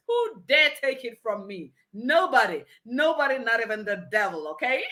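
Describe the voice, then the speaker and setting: A woman's voice: on the high side, big pitch swings, moderate pace, few pauses, sharp tone. A woman hosting a live conference, exuberant and exclaiming, laughing often. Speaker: conference host. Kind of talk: energetic live event hosting.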